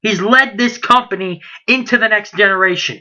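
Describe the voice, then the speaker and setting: Heated and indignant, this late-teen wrestling vlogger rants at normal speed in a sharp, medium-pitched voice, throwing out rhetorical questions and repeating himself. The audio sounds dull.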